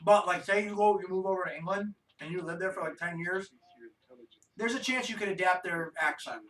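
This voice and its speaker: A man's voice: high voice, brisk, a bit bright, recorded from a distance. A man from the United States, co-hosting a podcast in crude, jokey casual chat while watching a film. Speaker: podcast co-host. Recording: roomy, off-mic sound.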